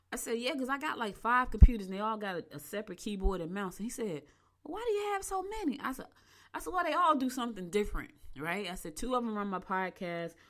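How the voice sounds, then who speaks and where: A woman with a somewhat low voice hosting her own podcast, talking in a loose, chatty way. She wanders between memories and slips into the voices of the people she quotes as she tells each story. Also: a bit bright. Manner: chatty, digressive, acts out quoted dialogue. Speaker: podcast host. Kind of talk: casual storytelling monologue.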